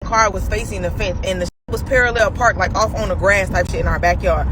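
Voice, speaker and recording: A young woman telling a personal story in casual, animated, slang-heavy talk. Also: medium pitch, normal speed, background noise.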